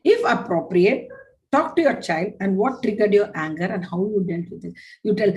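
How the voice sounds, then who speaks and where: A woman's voice: medium pitch, low-quality recording. A woman giving a parenting workshop, emphatic and repetitive, often acting out scolding parents. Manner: animated, acts out scolding parents in quick asides.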